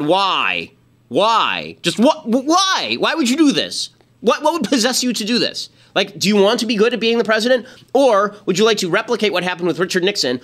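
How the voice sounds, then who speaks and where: A man's voice: a little high, bright, forceful tone. A man in his thirties hosting a political commentary show, talking in a sarcastic, exasperated monologue full of rhetorical questions.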